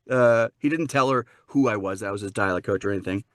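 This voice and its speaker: Male dialect coach from Wisconsin, animated storyteller, mid pitch, dry close mic. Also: fast talker, few pauses, dry recording. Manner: lively, acts out voices. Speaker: guest, dialect coach and narrator.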